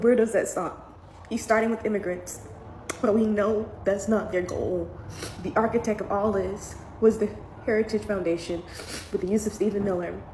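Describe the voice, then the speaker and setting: A woman, a mother, giving emotional vlog commentary while trying not to cry, her talk earnest and halting. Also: mid-range voice, dark tone. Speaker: parent commenting on the news. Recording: echoey room with faint background noise.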